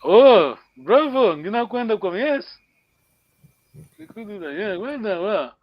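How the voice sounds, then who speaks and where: A man's voice: high-pitched, big pitch swings, a little slow, dry recording, muffled recording. A man teaching a language class online, encouraging students and repeating words often.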